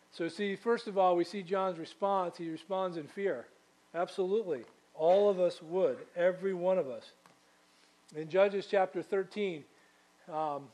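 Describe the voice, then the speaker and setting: This pastor's voice is fairly high and a little mellow. He preaches in a relaxed, talk-like manner, asking his listeners questions and adding casual side comments.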